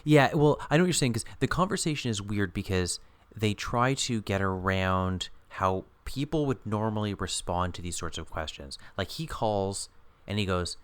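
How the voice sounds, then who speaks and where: A man's voice: on the low side, normal speed, smooth, no echo. A man casually discussing a TV episode with a co-host, thoughtful and hesitant, often laughing. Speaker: podcast co-host. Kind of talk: casual chat recapping a TV episode.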